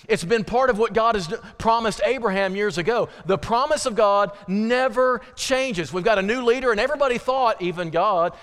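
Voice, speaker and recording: A man's voice: high voice, fairly bright tone. A male pastor preaching a sermon to his congregation, emphatic and repetitive on key phrases, with folksy asides and direct questions to the listeners. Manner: emphatic, repeats key phrases, slows down for stress. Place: church sanctuary. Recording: long reverb from a church hall.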